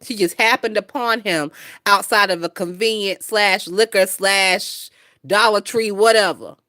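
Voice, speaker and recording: This gossip channel host, a woman in her 20s, runs a relaxed livestream where she reads viewer comments, laughs frequently, and swears boldly. She speaks at medium pitch with fairly even intonation, unhurried and sharp-toned. The recording is dry and studio quality.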